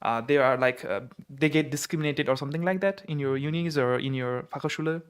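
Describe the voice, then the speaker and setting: A man's voice: mid-range voice, quick pace, clear, resonant tone. A man from Nepal, hosting a casual live chat and asking questions in a chatty, easygoing way. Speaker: host.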